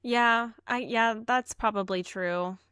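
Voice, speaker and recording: Smooth-voiced woman telling a heartfelt story. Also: a little high, takes it slowly, bright, forceful tone, no echo, clean studio sound. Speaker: podcast co-host, emergency vet tech. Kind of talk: casual podcast chat.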